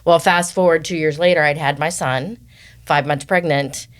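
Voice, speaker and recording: A woman hosts an interview. Her voice is deep and low for a woman. She talks in an earnest, reflective way. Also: fairly even intonation, normal speed. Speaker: podcast host. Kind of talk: interview conversation.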